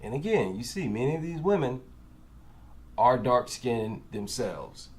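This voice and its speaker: A man's voice: mid-range voice, sing-song, unhurried. A man with an African American accent giving reaction commentary, incredulous and asking rhetorical questions.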